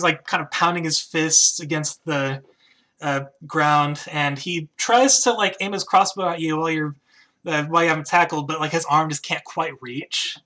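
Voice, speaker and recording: A game master narrating a tabletop game, pausing often with "uh" and "kind of". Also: medium pitch, bright, forceful tone. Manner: hesitant narration with many "uh" and "kind of".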